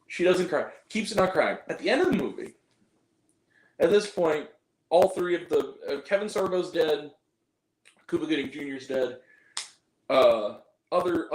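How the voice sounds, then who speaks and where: A man giving a casual spoken movie review, rambling and sarcastic, with many asides. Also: a little high. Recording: roomy echo.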